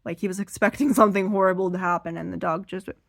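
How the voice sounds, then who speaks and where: A woman telling a rambling, self-deprecating stand-up story while seated, now and then bursting into loud high acted voices, her voice a little strained. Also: steady tone, fast, gravelly, no echo. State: strained voice from being too loud. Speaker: stand-up comedian.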